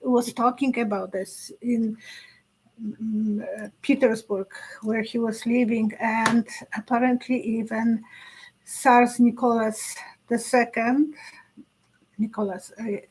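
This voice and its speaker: Husky, halting middle-aged woman psychic. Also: a little high, fairly even intonation, a little mellow, poor audio. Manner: halting, searching for words, laughs often. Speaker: psychic host. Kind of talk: casual live-stream chat.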